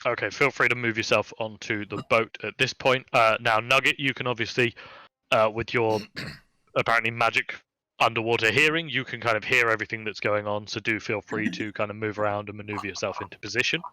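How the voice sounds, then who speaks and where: Bright-voiced male game master. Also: on the low side, a little fast, no room sound, poor audio. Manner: relaxed, chatty, many fillers. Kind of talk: narrating a tabletop game.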